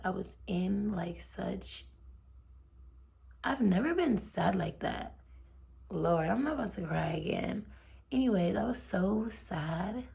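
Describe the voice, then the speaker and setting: A woman's voice: medium pitch, creaky, darkish tone. A young woman vlogger telling a personal faith story in a chatty, heartfelt way, often dropping to a near whisper. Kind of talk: casual faith storytelling to camera.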